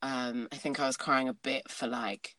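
A woman with a notably low voice, chatting in a candid, rambling way and laughing often. Her voice is recorded dry and close. She sounds like she is in her thirties. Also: steady tone, moderate pace, a bit bright, dry recording. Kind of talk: casual chat.

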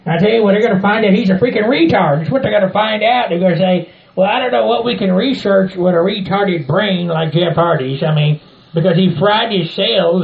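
A man's voice: high voice, gravelly, roomy sound, phone-quality sound. A man co-hosting a wrestling podcast, ranting in a crude, rambling, folksy way. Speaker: podcast co-host. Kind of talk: casual wrestling chat.

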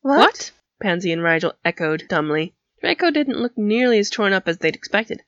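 A woman narrating a story in an even, steady storytelling manner. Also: medium pitch, fairly quick, no echo, muffled recording. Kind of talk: audiobook reading of fan fiction.

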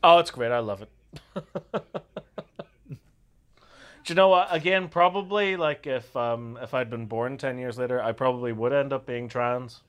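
A man's voice: medium pitch, normal speed, long pauses, a bit bright, clean tone. An Irish man chatting casually, swearing freely, laughing often and acting out voices in his stories. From Ireland. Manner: crude, laughing, acts out voices in anecdotes. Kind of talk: casual chat.

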